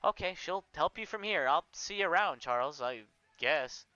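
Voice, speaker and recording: A man voicing a weary male guide who speaks in a flat, monotone way. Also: fairly high pitch, moderate pace, clear, resonant tone, no room sound, muffled recording. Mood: bored.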